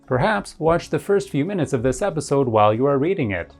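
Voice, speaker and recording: A woman narrating an English lesson. Her voice is low but moves up and down a lot. She explains points clearly and methodically. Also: sing-song, brisk, darkish tone, soft background music. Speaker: English teacher.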